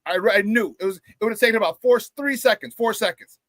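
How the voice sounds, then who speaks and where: Guy ranting on a sports morning show, kinda high voice, dry close mic. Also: no room sound. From Chicago area. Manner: animated storytelling, quick voice changes for quoted people. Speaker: sports talk show host. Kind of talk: casual rant on a live show.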